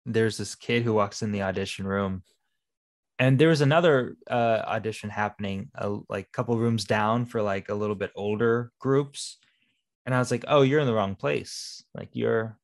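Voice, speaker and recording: A man with a mid-range voice, chatting about a movie in an easy, wandering way. He drifts into personal stories and swears casually as he goes. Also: on the low side. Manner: rambling, swears, tells anecdotes. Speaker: podcast co-host.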